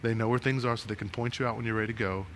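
Bright, animated man leading a workshop. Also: medium pitch, very fast, a little hiss or hum. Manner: animated, talks with his hands and moves around; asks the room many questions. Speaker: speaker giving a networking workshop. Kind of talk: lively workshop talk to a live room. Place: meeting room before an audience.

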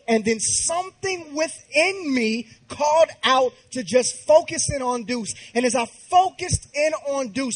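A man in his thirties preaching through a comic personal story, animated and slangy. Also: extremely high pitch. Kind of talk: humorous sermon storytelling.

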